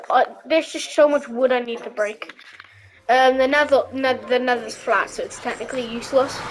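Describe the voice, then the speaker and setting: A woman giving casual, rambling gameplay commentary, excitable and giggly with many fillers. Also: sits high, background noise. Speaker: gameplay vlogger.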